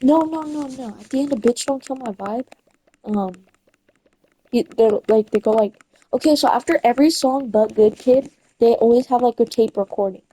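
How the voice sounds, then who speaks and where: A woman's voice: fairly high pitch, moderate pace, mellow, a little hiss or hum, poor audio. Rambling young woman retelling a story. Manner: rambling and self-correcting, losing her place. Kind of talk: casual chat while gaming.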